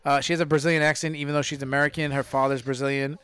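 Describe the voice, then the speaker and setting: A man hosting a casual fight podcast, talking into a studio mic with a clean, resonant voice that sits a bit high for a man. He rambles, doubling back over his own phrases as he chats with his co-hosts. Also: little pitch movement, rapid-fire, a bit bright, smooth. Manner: rambling, repeats and restarts phrases. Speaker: podcast host. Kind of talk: casual MMA commentary chat. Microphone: studio microphone.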